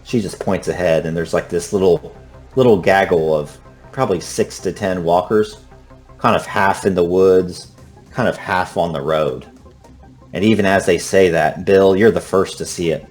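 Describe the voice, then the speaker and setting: A man running a tabletop horror game as game master. His voice is very low, and his narration stays hushed and unhurried, often restarting mid-phrase. A faint music bed runs beneath him.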